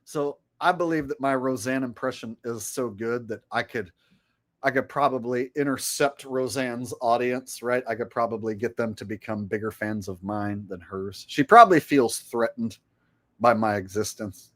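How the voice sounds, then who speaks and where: Male livestream host, mid-pitched, loose and profane, rambling chat. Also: moderate pace, a bit bright. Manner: crude, frequent swearing, rambling. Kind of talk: casual livestream rant.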